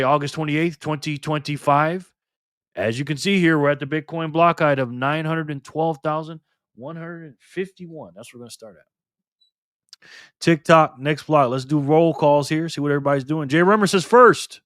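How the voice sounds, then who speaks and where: A man hosting a casual live stream, greeting viewers by name in an upbeat, lively way. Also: fairly high pitch, dry recording, studio quality. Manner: slow and earnest when speaking of freedom and tyranny.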